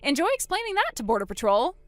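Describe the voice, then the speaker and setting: A woman's voice: sits high, wildly swooping pitch, fast talker, dry recording, soft background music. A woman voicing a cool, vengeful sister. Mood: cold triumph. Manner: cool, quiet, coldly sarcastic. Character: calm, vengeful young woman springing a trap. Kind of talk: text-story voice acting.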